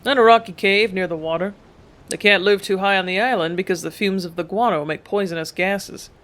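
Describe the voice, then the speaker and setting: A reader voicing a gruff middle-aged ship captain who talks in a firm, fatherly, lecturing way. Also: high-pitched, fairly quick, fairly bright tone.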